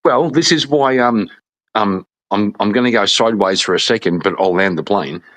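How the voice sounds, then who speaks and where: Animated, swearing man in a casual chat. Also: lowish voice, normal speed. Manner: animated storyteller, laughs often, swears. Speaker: podcast panelist.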